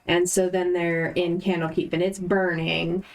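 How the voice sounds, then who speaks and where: A woman's voice: lowish voice, level tone, measured pace. A woman casually recapping a tabletop game session, hesitant with lots of ums and restarts, heard from a distant mic. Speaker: player recapping the last session.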